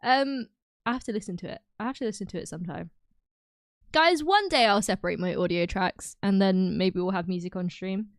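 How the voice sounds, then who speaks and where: A woman's voice: mid-range voice, fairly quick, no room sound, studio quality. A young woman streaming, chatting casually with her viewers, bubbly and giggly, often breaking into laughter. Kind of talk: casual chat with live chat.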